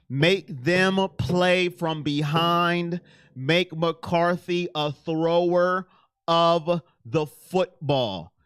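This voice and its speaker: A man hosting a live sports stream, talking to his chat in an excitable, unhurried way. His voice sits fairly high and rings clear and smooth. The sound is close and dry. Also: no room sound. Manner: excitable, talks straight to chat. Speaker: sports livestream host.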